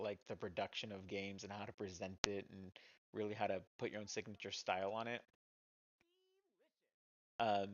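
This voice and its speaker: A man's voice: on the low side, highs cut off. A man casually talking about the small games he has made, rambling and self-deprecating with many fillers. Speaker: indie game developer and streamer. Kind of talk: casual chat showing his games.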